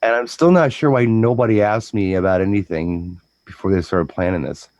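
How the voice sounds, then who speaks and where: A man chatting casually as a DJ co-host, telling stories in a rambling, animated way with lots of restarts. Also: fairly low pitch, moderate pace, no room sound, muffled recording. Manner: rambling, animated storytelling with frequent restarts and mimicked voices. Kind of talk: casual chat.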